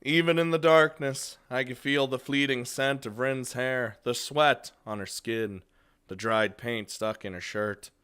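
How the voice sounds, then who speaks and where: Slow, smooth-voiced man reading a game. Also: medium pitch. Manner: animated reading with frequent chuckles. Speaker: let's play host. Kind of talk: reading a visual novel aloud.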